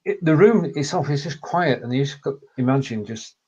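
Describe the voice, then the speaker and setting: A man from Lancashire and Cumbria with a mixed northern English accent, co-hosting a casual live chat and explaining things in a measured way. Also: mid-range voice, lively intonation, warm tone, slightly rough. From Lancashire and Cumbria, England. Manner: measured, explanatory, reads out viewer comments. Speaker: co-host, local historian. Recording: slightly dull lo-fi sound.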